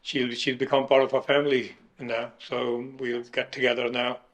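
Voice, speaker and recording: A middle-aged man recounting his kidney transplant in an emotional interview, halting and restarting as he speaks. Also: medium pitch, little pitch movement, fairly bright tone, dull audio. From United Kingdom. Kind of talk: emotional personal account.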